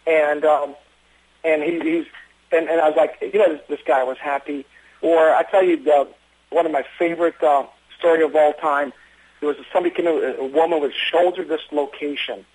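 A man who works as an emergency physician, telling stories in an interview with earnest, quick talk and frequent restarts. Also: a little high, steady tone, darkish tone, husky, poor audio. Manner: fast, earnest storytelling with many restarts. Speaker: emergency physician running an urgent care. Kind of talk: interview conversation.

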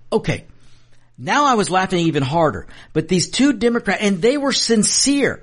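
A man's voice: high voice, sing-song, normal speed, fairly bright tone. A man hosting a political talk show, delivering an emphatic, repetitive commentary monologue and addressing his listeners as folks.

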